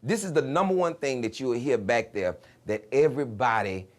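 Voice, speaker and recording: A male stand-up comedian telling stories in a jail, animated and jumping up into excited shouts. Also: mid-range voice, a little fast. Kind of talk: stand-up storytelling. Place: jail, large hard room. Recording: long hall reverb, faint noise.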